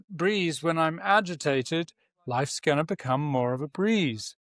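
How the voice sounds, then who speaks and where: A man's voice: a little high, a little slow, a bit bright, no room sound, clean studio sound. A man, a breathwork teacher and author, explaining at length as a podcast guest, posing rhetorical questions and repeating key phrases.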